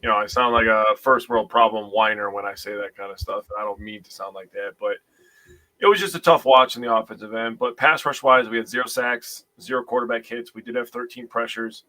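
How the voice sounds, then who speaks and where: A man's voice: mid-range voice, steady tone, fairly quick, sharp tone. A man with a Wisconsin accent co-hosting a sports podcast, rambling and correcting himself as he goes. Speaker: podcast co-host. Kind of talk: casual sports podcast chat.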